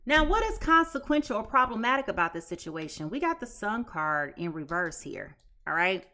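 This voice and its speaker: A woman's voice: mid-range voice, big pitch swings, normal speed, pushed and bright, soft background music. A woman giving a casual tarot reading to viewers, emphatic and chatty, stacking repeated phrases and restarting often. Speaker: tarot reader.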